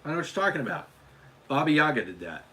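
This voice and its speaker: Rambling man with a bright voice. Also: on the high side, big pitch swings, fast. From Utah. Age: adult father. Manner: rambling, often restarting and repeating words. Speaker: livestream host. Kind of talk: casual livestream chat answering viewers.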